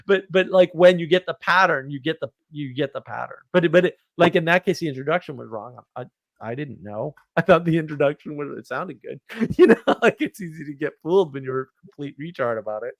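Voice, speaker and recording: A man's voice: medium pitch, a little fast, no room sound. Blunt, joking man on a dry mic. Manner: blunt, joking, self-deprecating. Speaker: host. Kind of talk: casual rambling chat.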